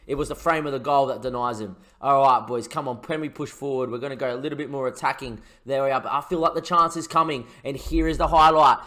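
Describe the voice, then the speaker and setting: A man doing excitable mock football commentary over a video game, shouting when goals go in and chatting to his viewers in between. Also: mid-range voice, quick pace, hardly any pauses. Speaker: gaming YouTuber.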